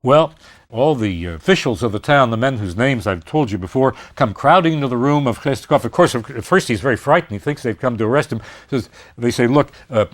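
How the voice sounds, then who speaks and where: Animated male lecturer telling stories. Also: medium pitch, quick pace. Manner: animated storytelling, acting out quotes, frequent "uh" fillers. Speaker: literature lecturer. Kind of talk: university lecture.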